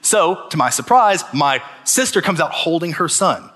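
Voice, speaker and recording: A man preaching a sermon, going from hushed, slow lines to raised, urgent ones. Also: fairly high pitch, big pitch swings. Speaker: pastor. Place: church hall. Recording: long reverb of a large hall.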